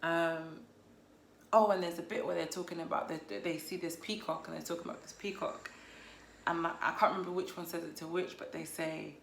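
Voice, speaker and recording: A woman's voice: lowish voice, a little fast, vocal fry, fairly bright tone, a little hiss or hum. Chatty woman reviewing a book. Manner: chatty, playful, laughs at herself. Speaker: book vlogger. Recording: roomy echo.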